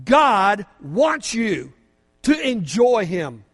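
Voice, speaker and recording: An older man preaching a sermon as pastor, fervent, moving from quiet asides to shouting praise, in a church. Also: high-pitched, big pitch swings, extremely slow, slightly rough. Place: church sanctuary. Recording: long hall reverb from a church.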